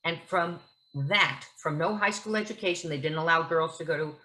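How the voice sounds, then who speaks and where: A woman's voice: low-pitched, normal speed, pushed and bright, rough recording. A woman actress as a guest at a book talk, telling stories in a vivid, theatrical way. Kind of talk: onstage conversation at a book talk.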